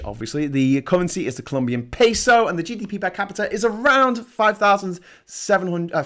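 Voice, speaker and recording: A man's voice: sits high, a bit bright. A man hosts a live travel show, chatting casually and sarcastically, rambling with lots of restarts. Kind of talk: casual livestream chat.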